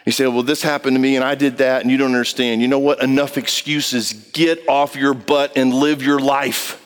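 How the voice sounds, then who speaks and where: A man preaching a sermon in an impassioned, pleading way, swinging between high and low. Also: flat delivery, moderate pace, clean tone.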